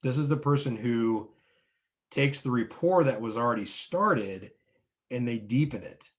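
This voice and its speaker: A man's voice: medium pitch, expressive, a little slow. A man teaching business owners about sales team roles, explaining in numbered steps and often checking in with "right?". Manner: coaching, often ends points with "right?". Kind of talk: instructional talk to business owners.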